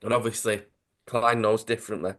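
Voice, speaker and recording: A man's voice: fairly low pitch, flat delivery, fairly quick, fairly bright tone. A man co-hosting a podcast, retelling a comic story in an enthusiastic, chatty way. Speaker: podcast co-host. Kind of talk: casual chat, retelling a comic.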